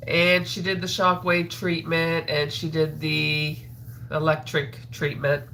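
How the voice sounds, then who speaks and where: Congested lady rambling slow on her crochet stream, lowish voice, faint hum behind. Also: sharp tone. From Atlantic Canada. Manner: rambling, chatty, with frequent ums and trailing sos. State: stuffed-up nose, sniffling. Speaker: crochet livestream host. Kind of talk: casual livestream chat while crocheting.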